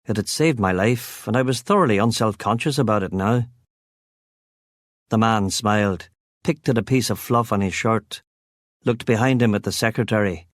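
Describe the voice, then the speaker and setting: A man reading a first-person crime novel aloud in a measured, steady audiobook narration. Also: on the low side, dry recording, clean studio sound.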